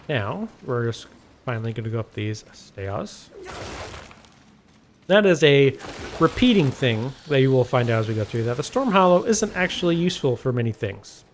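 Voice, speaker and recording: A man's voice: mid-range voice, very animated, normal speed, pauses often, slight background noise. A man giving casual walkthrough commentary on a video game, rambling and correcting himself with wry asides, recorded at home on a desk microphone.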